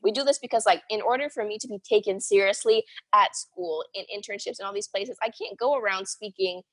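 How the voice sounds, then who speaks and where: Breathy young woman from the Bahamas chatting. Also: mid-range voice, brisk. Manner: animated, says "like" and "literally" often. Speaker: podcast co-host. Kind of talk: casual chat.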